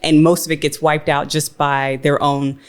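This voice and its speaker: A woman's voice: sits low, level tone, normal speed. A woman co-hosting a podcast in casual chat, playful and chatty, who explains things at length. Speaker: podcast co-host.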